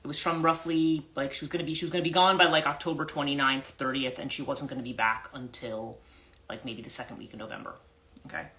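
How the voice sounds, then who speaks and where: Bright-voiced woman telling a story on a livestream. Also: rumbling low, steady tone, quick pace. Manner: rambling, with frequent restarts and self-corrections. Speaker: life coach.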